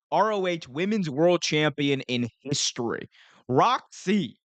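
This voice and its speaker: A young adult man hosting a live stream, talking in an energetic, rambling way and often correcting himself. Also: a little high, no echo. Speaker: host.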